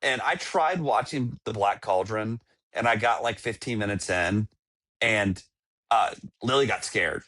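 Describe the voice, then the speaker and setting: A man's voice: on the low side, measured pace, a bit bright. A man in his thirties, co-hosting a podcast, chatting enthusiastically and rambling. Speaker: podcast co-host. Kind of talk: casual chat.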